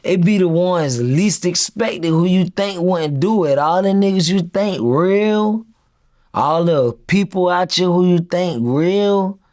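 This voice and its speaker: A man's voice: sits high, takes it slowly, darkish tone. A man, a rapper guest in an interview, talking in a laid-back, slangy way. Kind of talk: casual interview chat.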